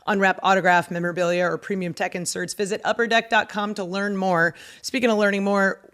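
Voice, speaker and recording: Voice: medium pitch, fairly even intonation, fairly quick, fairly bright tone, smooth. A podcast host opening the show, reading a sponsor spot and teasing a co-host. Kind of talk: podcast host read and chat.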